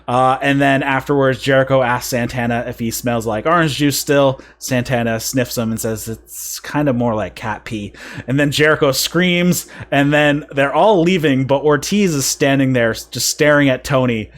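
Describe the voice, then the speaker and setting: This podcast host is a man with a medium-pitched voice who speaks at a moderate pace with fairly even intonation and barely pauses. He casually reviews wrestling events at length, chuckling whenever something funny comes up.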